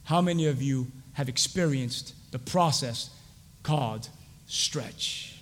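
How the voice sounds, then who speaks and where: A young adult man preaching a sermon, quizzing the congregation with fill-in-the-blank questions and rising to shouts. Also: medium pitch, normal speed, long reverb tail, a little hiss or hum. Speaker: pastor.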